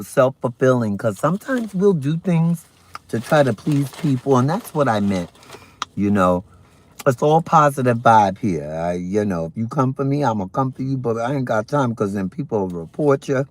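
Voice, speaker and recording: Lively chatty man hosting a livestream. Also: medium pitch, a little hiss or hum. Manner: animated, chatty, talks while eating. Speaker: livestream host. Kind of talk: casual morning livestream chat.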